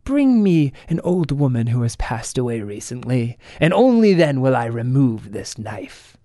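Scheming old storybook witch, read by a man, measured and low-toned, dry studio sound. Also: big pitch swings, warm tone, dry recording. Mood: stern.

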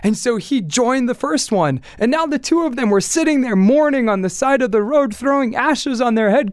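High-voiced male storyteller, animated, folk tale. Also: moderate pace, hardly any pauses, dry recording, clean studio sound.

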